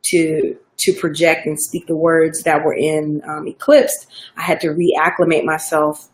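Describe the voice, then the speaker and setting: A woman with a Southern American accent talks in a casual interview. Her voice sits low and she chats loosely, restarting sentences and filling pauses with ums. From Georgia, US South. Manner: relaxed, chatty, many fillers and restarts. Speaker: actor guest.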